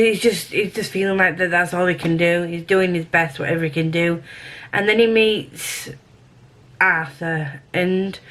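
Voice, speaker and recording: A woman's voice: fairly low pitch, fairly bright tone, poor audio. Chatty British woman reviewing books. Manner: chatty, self-deprecating, rambling with restarts. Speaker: book reviewer. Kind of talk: casual book review vlog.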